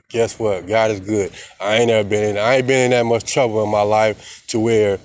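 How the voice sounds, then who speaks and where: A man's voice: lowish voice, little pitch movement, brisk. A young man, rambling defiantly in a casual vlog monologue, repeating himself and swearing a lot. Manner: heavy slang and profanity. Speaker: vlogger.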